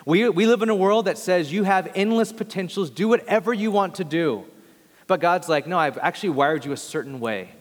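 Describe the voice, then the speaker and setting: A young pastor preaches with an earnest, conversational manner, now and then stumbling and restarting a phrase. His voice sits somewhat high for a man. The sound carries a long reverb, as if from a big hall. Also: fairly quick. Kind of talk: sermon.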